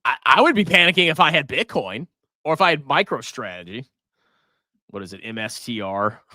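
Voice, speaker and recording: A man's voice: medium pitch, expressive, brisk, bright, forceful tone, dry recording. A man hosting a live finance stream, giving brash, mocking market commentary and laughing often. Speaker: finance livestream host.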